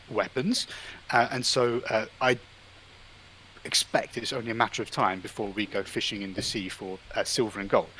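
A man speaks at an everyday middle pitch, giving an informal talk to a small group. He thinks aloud, stopping and restarting his sentences and filling the gaps with hesitation sounds. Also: a bit bright, slight background noise, rough recording. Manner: halting, thinking aloud with many filler sounds. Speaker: invited presenter at an online art event.

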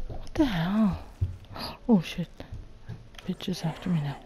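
A woman's voice: mid-range voice, a little slow, long pauses, warm tone, breathy edge. A woman hosting a gaming channel, muttering to herself through a survival game with jittery, frightened chatter and sudden panicked yelps. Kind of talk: solo let's play commentary.

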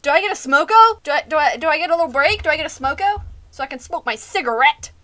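A young woman gaming YouTuber does let's-play commentary on a horror game, her voice high, animated, fast, and sharp. She's nervous and frightened, repeating herself with shaky laughter and saying she feels lightheaded.

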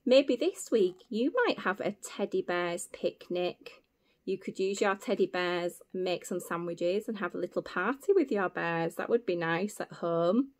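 A primary school teacher reads a picture book aloud to young children, gasping and exclaiming along the way. Her voice is on the low side and her pace a little slow.

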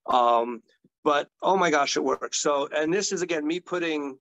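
Animated man telling parenting stories. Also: fairly high pitch, moderate pace, low-quality recording. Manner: animated, enthusiastic storyteller. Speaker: occupational therapist guest. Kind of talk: conversational interview storytelling.

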